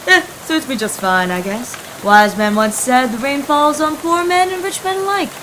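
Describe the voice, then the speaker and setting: Casting: easygoing old hobo guy in a game, folksy and relaxed, pitched fairly high, put on by a woman streamer. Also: moderate pace, slight background noise, rough recording.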